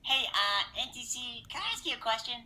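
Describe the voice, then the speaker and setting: A teen doing a pushy teasing sidekick. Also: male voice, extremely high pitch, animated, fairly quick, sharp tone, voice pushed up, full character voice. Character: nosy pushy male sidekick.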